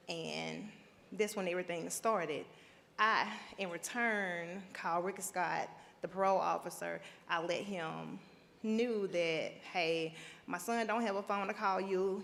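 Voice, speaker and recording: A middle-aged woman giving personal testimony on a panel, halting and emotional, with long pauses. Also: fairly low pitch, creaky, a little hiss or hum. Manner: halting, emotional, slow and deliberate. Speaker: panel guest, mother of a prisoner. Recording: reverberant conference hall.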